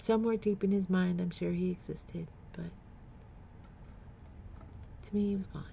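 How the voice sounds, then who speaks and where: Vlogger woman with a gravelly edge, raw and candid, lo-fi recording. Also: on the low side, fairly even intonation, moderate pace, dark tone, a little hiss or hum. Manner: candid, emotional, with nervous laughs and repeated words. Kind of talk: personal storytelling vlog.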